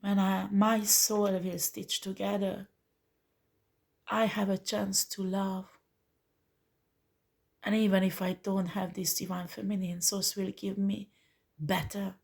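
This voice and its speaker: A woman's voice: medium pitch, level tone, slow pace, vocal fry, long pauses, darkish tone. A woman giving an earnest, pleading tarot reading to the listener, calling them honey. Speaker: tarot reader. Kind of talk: spiritual tarot reading monologue.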